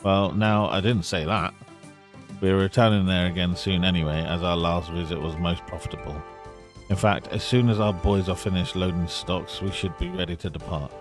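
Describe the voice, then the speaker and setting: A man's voice: sits low, fairly even intonation, moderate pace, over music, natural voice. A man voicing a pompous, haughty ship captain who speaks in a formal, condescending way.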